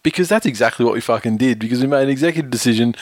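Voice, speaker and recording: A man's voice: mid-range voice, racing. A man co-hosting a podcast, chatting casually about sport, rambling with filler words, laughing often and swearing. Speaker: podcast co-host.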